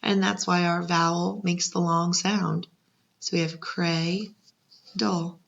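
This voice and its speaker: A woman's voice: on the low side, level tone, unhurried, vocal fry, a bit bright. A woman teacher giving a patient second-grade spelling lesson, sounding out syllables and encouraging young learners. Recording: muffled lo-fi recording.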